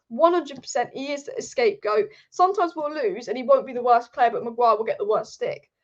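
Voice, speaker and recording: A high-pitched woman rants about football on her own livestream, heated and punchy, hammering each point home with repetition and the odd swear. Her voice comes through a home mic with slightly dull, lo-fi stream audio. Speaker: football channel host. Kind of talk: livestream rant.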